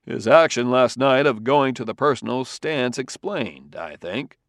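A man playing a composed male scientist who speaks mildly and softly. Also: medium pitch, animated, unhurried, dry recording, clean studio sound. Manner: mild and soft-spoken.

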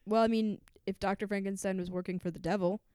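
A woman co-hosting a casual book discussion in a relaxed, offhand way. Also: medium pitch, quick pace, smooth, no room sound, clean studio sound. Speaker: podcast co-host.

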